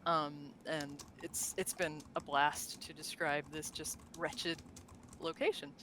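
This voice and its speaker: Low, level and a bit bright, this woman's voice moves slowly on a rough recording with slight background noise. She co-hosts a relaxed podcast about tabletop game lore, chatting with frequent laughs, fillers and restarts.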